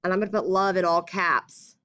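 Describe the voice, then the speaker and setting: A young woman teacher going through a writing lesson, dictating slowly and chatting in between. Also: lowish voice, pushed and bright, lo-fi sound. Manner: slow and deliberate when dictating, chatty in between. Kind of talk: recorded classroom writing lesson.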